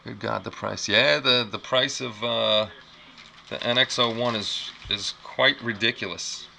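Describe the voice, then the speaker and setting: A man's voice: mid-range voice, unhurried, bright, forceful tone, low-quality recording. A man hosting a casual live unboxing stream from a small apartment, rambling, repeating himself and reacting to chat. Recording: clear background noise.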